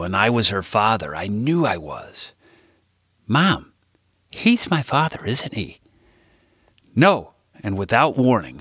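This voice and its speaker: Deep-voiced man reading his own story. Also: slightly rough, no echo, clean studio sound. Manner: jumps much higher and louder for dialogue. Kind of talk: first-person audiobook narration.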